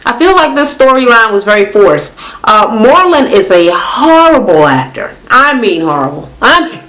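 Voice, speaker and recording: A woman's voice: on the high side, a bit bright, rough recording. A young woman casually recapping a reality show, sassy and profane, mimicking the cast in mocking voices.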